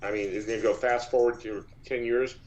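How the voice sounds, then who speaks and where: A man's voice: fairly low pitch, fairly even intonation, brisk, darkish tone, a little hiss or hum. Rambling man telling stories, lo-fi sound. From Texas. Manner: rambling, with many false starts and repeats. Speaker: powerlifter guest. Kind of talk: casual storytelling interview.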